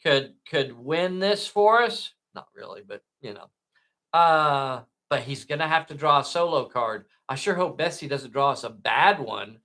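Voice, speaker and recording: Gravelly, bright-voiced male game host. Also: mid-range voice, lively intonation, measured pace. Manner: addresses viewers as boys and girls, dramatic asides. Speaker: game host narrating a solo tabletop game. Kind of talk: enthusiastic play-by-play narration.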